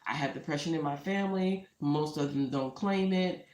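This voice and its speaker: A woman's voice: sits low, moderate pace, darkish tone, faint music behind. A woman with a Texan accent chatting casually and rambling to live viewers about her small online business, speaking into a tablet on a shelf at home. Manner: chatty, rambling, talks to viewers and her cat between thoughts. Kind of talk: casual live-stream chat. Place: home room. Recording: echoey room on a tablet mic.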